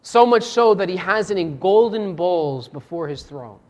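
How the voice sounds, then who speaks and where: A preacher giving a sermon and reading scripture aloud, shifting between quiet, low reflective lines and raised, emphatic ones, often asking rhetorical questions. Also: expressive, normal speed.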